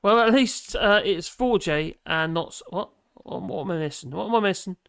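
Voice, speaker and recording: A man's voice: sits high, normal speed, creaky, fairly bright tone, smooth. Wry chatty man on a livestream. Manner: chatty, wry, laughs often while reading aloud. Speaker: livestream host reading news and chat. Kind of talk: casual live-stream chat.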